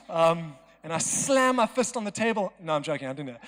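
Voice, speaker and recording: A man's voice: on the high side, sing-song, fairly quick, few pauses, fairly bright tone. A young man preaching a storytelling sermon in a chatty, joking, self-mocking way in a church hall. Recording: long hall reverb.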